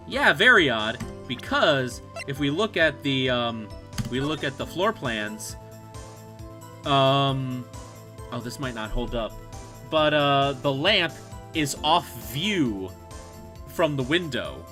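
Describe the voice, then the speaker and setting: A man's voice: mid-range voice, expressive, slow, bright, forceful tone. A young man casually commenting on a game he is playing and thinking aloud, with game music underneath. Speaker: let's play host. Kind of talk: gameplay commentary.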